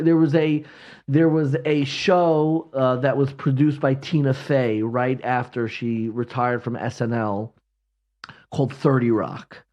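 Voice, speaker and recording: A man's voice: medium pitch, darkish tone, highs cut off. A man in a reflective conversation, telling a story with animation and often restarting his phrases.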